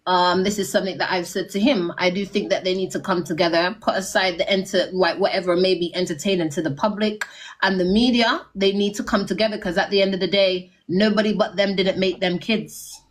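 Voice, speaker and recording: A woman guest in an interview, giving her opinion in a measured, advice-giving way. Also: medium pitch, steady tone. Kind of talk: casual interview.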